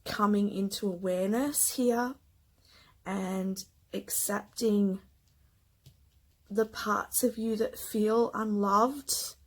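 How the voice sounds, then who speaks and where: Slow, husky-voiced woman reading cards. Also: medium pitch, fairly even intonation, rough recording. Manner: gentle, emotional, slow with soft whispered asides. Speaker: tarot card reader. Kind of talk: spiritual card reading.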